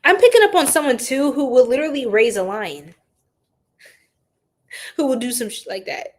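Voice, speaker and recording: A young woman giving a casual live-stream tarot reading, animated and slangy as she chats with her viewers. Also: high-pitched, normal speed.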